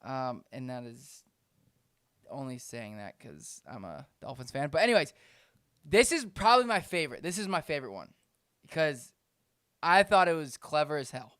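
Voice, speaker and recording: Smooth-voiced man, casual podcast chat. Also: a little high, moderate pace, dry recording, studio quality. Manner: animated, laughs often while reading names. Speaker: podcast co-host.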